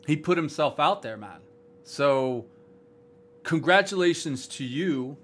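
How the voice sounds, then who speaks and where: A man with a somewhat high voice hosts a livestream, speaking straight to viewers. His talk is loose and blunt, with many fillers, restarts and "bro"s. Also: expressive, slow, a bit bright, breathy edge. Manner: blunt and rambling, full of "like", "um" and "bro". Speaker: streaming platform staff host.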